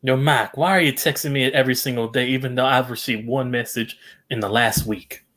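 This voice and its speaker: A man in a casual sports chat, reacting with excitement as he watches baseball. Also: medium pitch, fairly quick, roomy sound.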